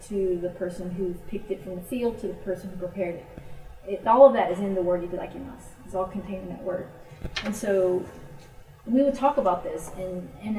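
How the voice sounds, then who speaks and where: A woman from the United States telling personal stories in a casual, animated way, often quoting other people's words. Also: medium pitch. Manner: animated storytelling with quoted voices. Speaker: speaker on Japanese culture. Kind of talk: casual talk. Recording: roomy, distant mic.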